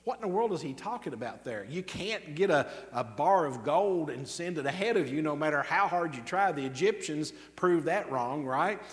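A man preaching a sermon emphatically, drawing out key words slowly and tossing off quick asides. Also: fairly high pitch, animated, long reverb tail. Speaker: pastor.

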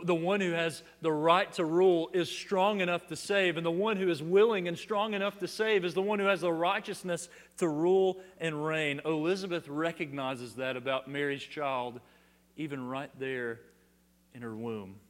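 A man's voice: on the high side, steady tone, normal speed. Man preaching in a reverberant hall. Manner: dynamic preaching, swings from loud declarations to hushed emphasis; repeats words as he restarts phrases. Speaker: pastor. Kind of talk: sermon.

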